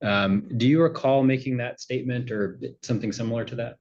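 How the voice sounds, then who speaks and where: A man presiding as a judge at a hearing, asking questions in a halting way with many fillers. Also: mid-range voice, darkish tone. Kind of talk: courtroom questioning. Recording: muffled lo-fi audio.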